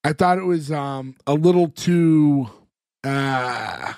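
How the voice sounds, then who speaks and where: A man's voice: on the high side, takes it slowly, a little mellow, clean tone, no echo. A man co-hosting a podcast, casually recapping a TV episode in a rambling way full of fillers. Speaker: podcast co-host.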